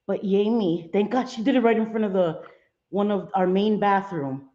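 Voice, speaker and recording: A woman's voice: mid-range voice, normal speed, mellow. A woman hosting a casual livestream from her home, chatting with viewers and mixing in Spanish exclamations. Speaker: livestream host. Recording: echoey room, dull lo-fi sound.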